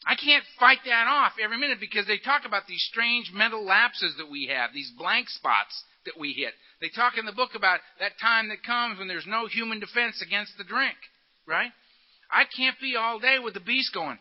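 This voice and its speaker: A man speaks at a recovery meeting in a high voice, telling his story with punchy, joking energy. His delivery is animated and direct. The recording sounds dull and lo-fi. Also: normal speed. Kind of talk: recovery talk with humor.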